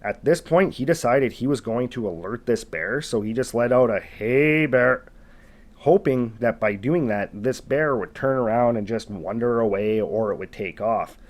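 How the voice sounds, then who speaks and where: Brief: male host, casual suspense storyteller, mid-pitched everyday voice. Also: normal speed, hardly any pauses, darkish tone. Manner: suspenseful, conversational retelling with casual fillers. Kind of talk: narrated retelling of an encounter story.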